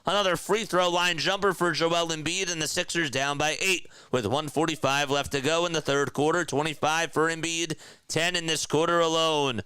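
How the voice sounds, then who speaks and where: Frustrated fan calling play-by-play. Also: male voice, on the high side, steady tone, normal speed, sharp tone, clear, resonant tone, no echo. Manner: frustrated, exasperated partisan fan. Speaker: amateur play-by-play caller. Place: home room.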